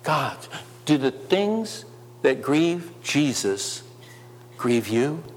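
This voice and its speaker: Impassioned preacher in a reverberant hall. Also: male voice, a little high, sing-song, very slow, slight background noise. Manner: impassioned, rhetorical questions, swings between loud and soft. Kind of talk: sermon.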